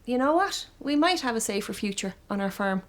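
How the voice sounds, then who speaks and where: A woman's voice: on the high side, fairly quick. An Irish woman who teaches farm safety, talking in interviews and to schoolchildren with lots of questions. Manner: lively, talks to children with questions. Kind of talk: documentary interview and classroom talk.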